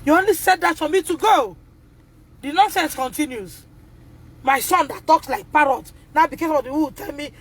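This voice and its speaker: A woman's voice: high-pitched, lively intonation, normal speed, fairly bright tone. A Nigerian-accented woman, a pupil's mother, speaking in an emphatic, indignant way and repeating her points as she addresses the school directly. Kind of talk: impassioned live video appeal.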